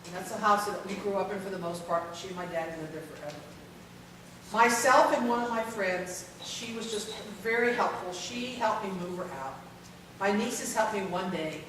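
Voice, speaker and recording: A woman's voice: mid-range voice, noisy background. A woman giving a candid, self-deprecating talk at a caregiver symposium, joking with the room. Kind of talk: conference talk to an audience. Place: large conference hall. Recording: very echoey hall, voice from far off.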